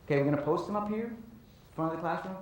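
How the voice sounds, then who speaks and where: A middle-aged man giving a professional development talk to educators, telling lively stories and acting out teachers and kids. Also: high-pitched, racing. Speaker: speaker on child behavior for educators. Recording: roomy echo.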